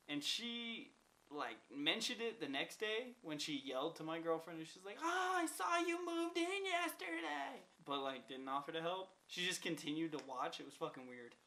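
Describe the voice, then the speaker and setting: A man's voice: on the high side, pushed and bright, poor audio. Foul-mouthed young man telling a story. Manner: profane, rambling, lots of "like" fillers. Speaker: vlogger. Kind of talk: casual storytime vlog.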